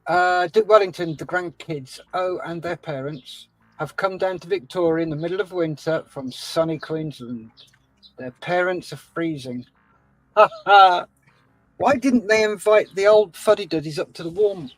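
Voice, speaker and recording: Casual stream host: a man with a higher-pitched voice, dry and close, easygoing and chatty. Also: moderate pace, no echo, faint music behind, low-quality recording. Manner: chatty, reads out viewer comments, laughs easily. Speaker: livestream host reading chat. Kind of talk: casual chat.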